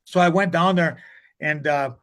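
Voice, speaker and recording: A man's voice: on the high side, normal speed, fairly bright tone. An older man, a hockey coach telling long stories as an interview guest, rambling with many restarts. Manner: rambling, retells conversations with many restarts and "he goes".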